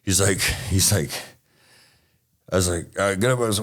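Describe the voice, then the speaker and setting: A man's voice: low voice, brisk. A man from Texas telling a rambling, swearing story as an interview guest.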